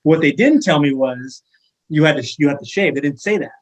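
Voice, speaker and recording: Higher-voiced man telling a story. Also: fairly quick, rough recording. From Sacramento, California. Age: 30s. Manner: animated anecdote-telling with many fillers and restarts. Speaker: guest, firefighter. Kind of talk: casual podcast storytelling.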